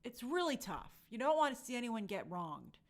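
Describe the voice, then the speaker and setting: A woman's voice: a little high, normal speed. A woman hosting a casual live stream, reading viewer comments and chatting about entertainment news. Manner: animated, reads chat aloud, jumps into put-on quotes. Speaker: livestream host.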